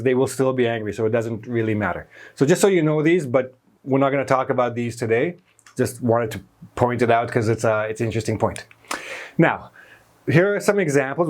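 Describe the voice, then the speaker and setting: In a whiteboard lesson, a man with a mid-range voice teaches English grammar, walking through each example step by step. He stresses key words and sometimes corrects himself mid-sentence.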